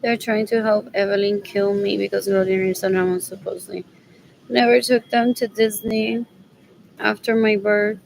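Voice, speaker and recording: A woman's voice: medium pitch, little pitch movement, normal speed, creaky, slight background noise, poor audio. A woman vlogging in a rambling monologue, agitated and scornful.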